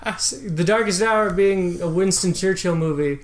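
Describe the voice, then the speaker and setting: A man's voice: high-pitched, moderate pace. Wry laid-back young man, roomy sound. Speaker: podcast co-host. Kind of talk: casual movie podcast chat. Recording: echoey room.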